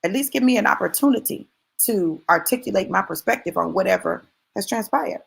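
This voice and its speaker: This is a woman's animated motivational talk, delivered a little fast in a mid-range voice that has vocal fry and a slight rasp. She addresses her listeners directly in an emphatic, conversational manner, repeating key phrases for emphasis.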